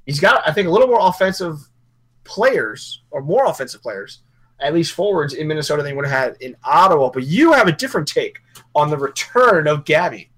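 A man's voice: a little high, lively intonation, a little fast, fairly bright tone. A man co-hosting a hockey podcast in casual, rambling chat, joking and correcting himself as he goes.

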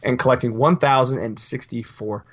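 A man's voice: medium pitch, moderate pace, dull audio. A man co-hosting a casual hockey podcast, reading results and news with dry, grumbling humor.

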